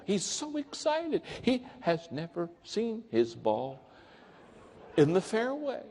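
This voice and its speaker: A man giving a humorous motivational talk, telling jokes and acting out quotes in a higher voice. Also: darkish tone, slight background noise. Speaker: speaker. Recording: long hall reverb.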